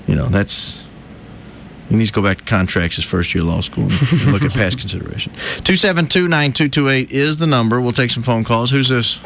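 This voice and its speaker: A man's voice: mid-range voice, a little fast, creaky, a little hiss or hum. A man hosting a talk radio show, chatting animatedly and slipping into mocking voices as he tells a story. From not from Alabama. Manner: animated, puts on mocking voices while telling stories.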